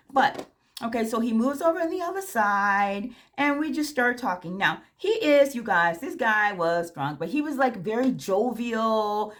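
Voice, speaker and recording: A woman's voice: a little high, a bit bright. Chatty woman telling a date story. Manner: chatty, addresses viewers directly; frank and candid. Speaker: vlogger. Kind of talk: casual storytelling to viewers.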